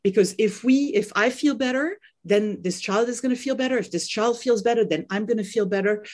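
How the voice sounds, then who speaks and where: Guesting on a podcast, a middle-aged parenting coach from France speaks with a French accent in a fairly high, brisk voice with a darkish tone. She is earnest and frequently repeats words while working out what she means to say.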